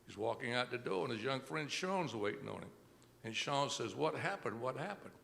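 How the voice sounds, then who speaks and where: A man telling clean jokes to an audience at a country club, acting out each character in an unhurried storytelling manner. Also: mid-range voice, lively intonation, vocal fry, fairly bright tone, big-room sound, slight background noise. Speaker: inspirational speaker telling jokes. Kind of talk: stand-up joke telling. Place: country club event room.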